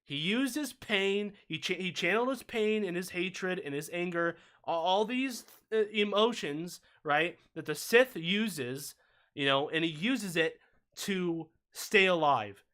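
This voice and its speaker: A man co-hosting a casual livestream discussion, talking in an animated, ranting way with quick asides. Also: high voice. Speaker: watch-party co-host.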